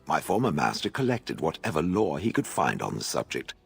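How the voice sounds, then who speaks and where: An actor playing a haughty, aloof male stone golem in a game, speaking with posh, husky dryness. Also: rumbling low, sing-song, fairly quick, faint music behind, heavily acted. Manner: posh, refers to others as "it". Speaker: game character. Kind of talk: voiced game dialogue.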